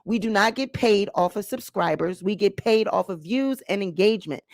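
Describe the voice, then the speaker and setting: A woman's voice: medium pitch, lively intonation, normal speed, darkish tone, dry recording. A woman YouTuber ranting straight to camera, sassy and confrontational, walking viewers through her points and checking in with "okay?". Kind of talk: direct-to-camera rant and explainer.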